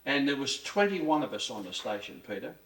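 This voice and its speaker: This casual interview features an older Australian guest telling meandering, down-to-earth stories, full of false starts and mild swearing. His medium-pitched voice is very animated, brisk and fairly bright, captured roomy and far from the mic.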